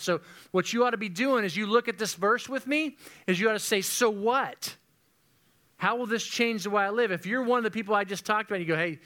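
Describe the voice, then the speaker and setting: A man in his forties preaching earnestly and conversationally to junior high students as their youth pastor. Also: fairly bright tone. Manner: earnest, conversational, addresses the group as guys.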